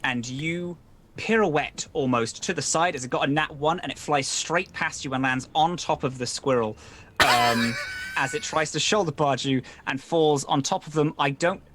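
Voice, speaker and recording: A man's voice: fairly high pitch, moderate pace, fairly bright tone, slight background noise. A man narrating a tabletop game as game master, casual and swearing, with many ums.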